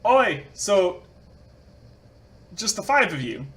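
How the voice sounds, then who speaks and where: A man's voice: fairly high pitch, a little slow, fairly bright tone. A man voicing a laid-back male combat teacher who gives offhand, casual instructions.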